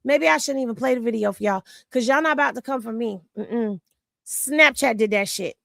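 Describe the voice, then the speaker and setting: Sassy woman ranting to her viewers, kinda gravelly and highish, dry room sound. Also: fairly quick, a bit bright, no echo. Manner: blunt, sassy, talks straight to viewers. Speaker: commentary host. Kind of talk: casual reaction commentary. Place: home room with rain on a tin roof.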